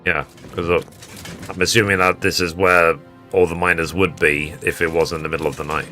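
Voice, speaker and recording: A man's voice: low-pitched, little pitch movement, a little fast, pushed and bright, soft background music. A man giving casual commentary while streaming a video game, musing aloud to himself between hesitations.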